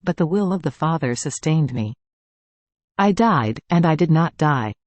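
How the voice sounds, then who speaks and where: Calm reader in a dry close-miked recording. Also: mid-range voice, a little slow, no echo. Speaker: reader of devotional writings. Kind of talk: steady scripted reading aloud.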